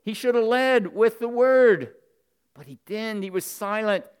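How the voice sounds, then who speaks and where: A man preaching a sermon to the men in his congregation, earnest and direct, swinging between loud emphatic bursts and low, close asides. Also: unhurried, clean tone.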